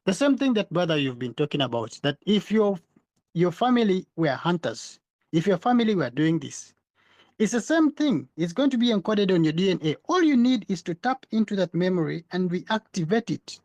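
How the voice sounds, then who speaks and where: A man's voice: high-pitched, sing-song, moderate pace, darkish tone, no echo. A man hosting a podcast discussion, explaining his point earnestly over an online call, often restarting words as he goes. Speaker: podcast host. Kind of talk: casual discussion.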